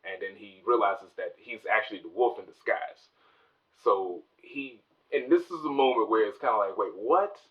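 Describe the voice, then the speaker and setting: A man's voice: lowish voice, normal speed. A man casually recapping a TV series for his review channel, rambling with many restarts and acting out the characters' lines. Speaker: TV review YouTuber. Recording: dull, distant lo-fi mic.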